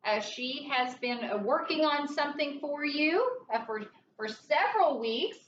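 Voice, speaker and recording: A woman with a high voice who teaches first grade, speaking slowly and gently to young children. The sound is dull and roomy, caught from a distance with faint room noise behind. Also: expressive. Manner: slow, gentle, coaxing, talks to a puppet. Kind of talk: recorded lesson for young children.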